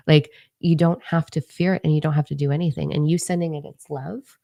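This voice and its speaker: Low, gravelly-voiced woman, blunt and profane. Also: brisk, no room sound. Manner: blunt, profane, animated, talks to chat viewers. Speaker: spiritual livestream host reading cards. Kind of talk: casual livestream chat, tarot-style reading.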